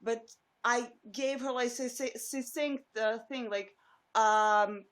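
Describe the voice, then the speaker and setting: A woman's voice: fairly high pitch, fairly even intonation, slow. A woman with an Eastern European accent, English not her first language, calling into a live stream and telling her story earnestly with many hesitations.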